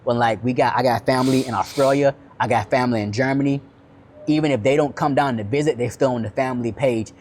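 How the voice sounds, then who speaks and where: A man's voice: medium pitch, fairly even intonation, fast, darkish tone, a little hiss or hum. A man from the American South, chatting casually as a guest on a podcast, laid-back and storytelling. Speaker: guest, Muay Thai fighter. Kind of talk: casual chat.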